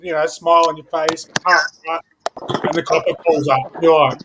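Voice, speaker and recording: A man's voice: a little high, level tone, moderate pace, background noise. A man joking and teasing in casual talk on a group call. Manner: jokey, teasing. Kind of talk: casual chat.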